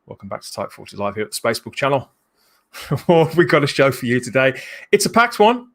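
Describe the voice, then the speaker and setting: A man's voice: mid-range voice, big pitch swings, quick pace, fairly bright tone. A man hosting a live fan show, chatty and jokey, laughing often as he greets viewers. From England. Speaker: livestream host. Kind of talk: casual live show chat.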